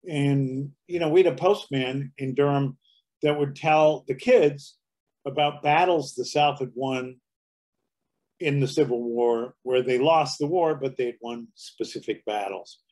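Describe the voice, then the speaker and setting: A man's voice: medium pitch, unhurried, a little mellow. A man in his seventies, a guest comedian telling anecdotes in a casual interview, slipping into dialect impressions. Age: 70s.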